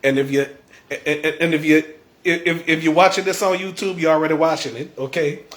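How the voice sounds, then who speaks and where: A man's voice: fairly high pitch, steady tone, brisk, a bit bright. Stammering man on a home livestream. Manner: stammering, repeats words, chuckles often. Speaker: livestream host. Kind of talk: casual livestream chat. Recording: echoey room.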